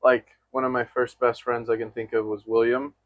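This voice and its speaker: A young adult man, a guest talking about friendship in a reflective, measured way. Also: medium pitch, level tone, no room sound, narrow, tinny audio. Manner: reflective, measured, thinks aloud with fillers. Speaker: guest, host's best friend. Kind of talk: candid chat between friends.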